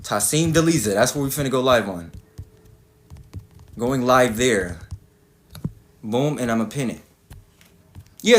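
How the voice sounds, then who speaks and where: A man's voice: high-pitched, fairly bright tone, echoey room. A man from Atlanta, hosting a livestreamed rant in a profane, combative way and repeating himself. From Atlanta, Georgia, US. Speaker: livestream host.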